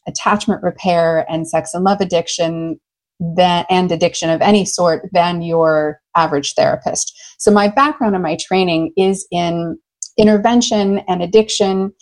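A woman's voice: fairly low pitch, poor audio. An American woman, a love coach, talking enthusiastically in a casual interview. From United States. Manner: enthusiastic, animated storyteller.

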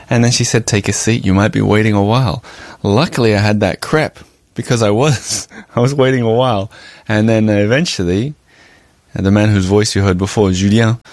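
Deep-voiced, chatty male podcast storyteller. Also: gravelly, a little mellow, no echo. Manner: chatty, conversational, with fillers and asides. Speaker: podcast host and journalist. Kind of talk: casual storytelling monologue.

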